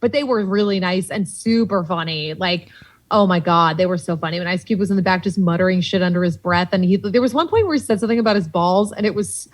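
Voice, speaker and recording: Here the same Boston comedian, young and with a local accent, chats casually on a podcast, spinning lively tales and mimicking the voices she quotes. She speaks fast in a lowish register, captured on a rough recording.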